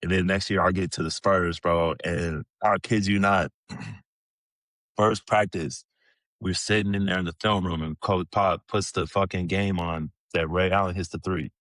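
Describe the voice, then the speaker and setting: Brief: low-pitched man in his 30s, loose swearing storyteller, dry close sound. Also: unhurried, no echo. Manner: profane, animated storyteller, many "bro" and "like" fillers. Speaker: podcast guest, former pro basketball player. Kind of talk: casual storytelling.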